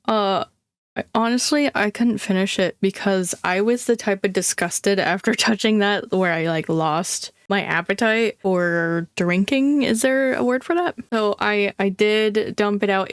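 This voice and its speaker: A woman's voice: mid-range voice, clean tone, no room sound. Squeamish, chatty woman vlogging a craft. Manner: squeamish, dramatic groans and exclamations; chatty, self-deprecating, laughs often. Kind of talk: casual crafting vlog chat.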